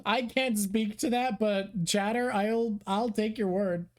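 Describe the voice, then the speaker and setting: A woman's voice: mid-range voice, fairly even intonation, takes it slowly, a little mellow. A woman hosting a live stream, chatting casually, laughing along and answering chat.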